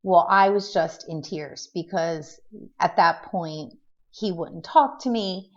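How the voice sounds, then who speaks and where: A middle-aged woman with a fairly low voice slowly tells a personal story in a loose, rambling vlog style, often restarting sentences and leaning on fillers. She acts out what others said in a lively way. The recording is muffled, dull and lo-fi.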